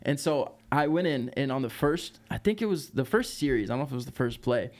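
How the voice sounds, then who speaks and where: A man telling a tour story as a podcast guest, lively and laughing, with lots of fillers. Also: medium pitch, quick pace, a little hiss or hum. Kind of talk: casual storytelling.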